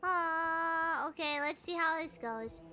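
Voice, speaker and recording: A woman from Thailand commentating a live game stream, playful and giggly with excitable outbursts. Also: very high voice, slow, slight background noise.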